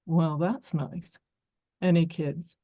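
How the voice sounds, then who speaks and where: A lazy, smug posh young man, as a woman narrator puts him on, offhand and drawling. Lower and mellow, slow, in a dry close recording. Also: steady tone, dry recording.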